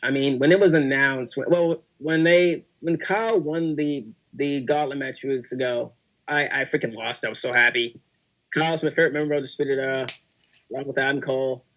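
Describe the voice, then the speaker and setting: A young man co-hosting a casual podcast, talking in an excitable, repetitive way and hyping things up. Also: mid-range voice, normal speed, rough recording. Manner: excitable, repetitive hype talk. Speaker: podcast co-host.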